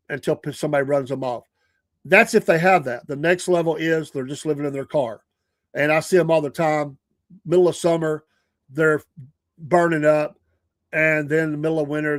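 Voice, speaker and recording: A man's voice: a little high, no room sound, studio quality. A man in his sixties with a Southern accent, hosting a morning show in a rambling, earnest chat with restarts and chuckles. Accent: Southern American. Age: 60s. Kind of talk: casual livestream chat.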